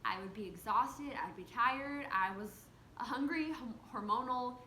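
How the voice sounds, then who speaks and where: A woman's voice: on the high side, unhurried. Young woman, casual storytime chat, lots of "like", echoey room, faint hiss behind. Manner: chatty, animated, heavy use of "like". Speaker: vlogger telling a personal story.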